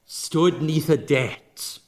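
A man preaching a sermon, expressive, swinging from loud emphatic exclamations to soft, drawn-out near-whispers and acting out the characters' lines. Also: on the high side. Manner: acts out the characters' quoted lines in the parable.

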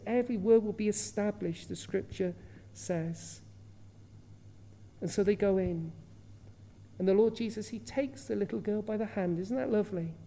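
Woman preacher, earnest sermon, mellow warm voice, rhetorical questions. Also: mid-range voice. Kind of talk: expository sermon.

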